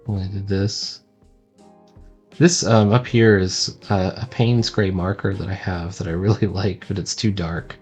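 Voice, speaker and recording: A man's voice: sits low, steady tone, measured pace, a little mellow, dull audio, soft background music. A man casually touring his own sketchbook as a cartoonist, rambling and self-deprecating, with lots of ums.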